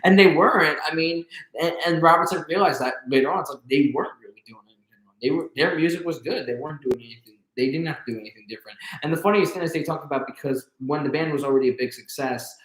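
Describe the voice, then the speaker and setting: A man's voice: a little high, fast talker, fairly bright tone. A young man hosting an interview, telling stories in a rambling, casual way full of fillers. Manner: rambling storyteller, many fillers. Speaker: interview host. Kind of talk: casual conversation. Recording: roomy echo.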